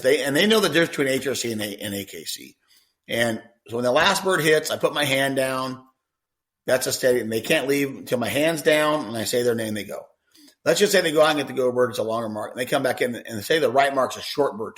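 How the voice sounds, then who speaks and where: Male dog trainer guest on a podcast, talks loosely, repeats himself, mid-pitched everyday voice. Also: a bit bright. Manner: rambling, repeats words, conversational. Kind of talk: podcast Q&A answer.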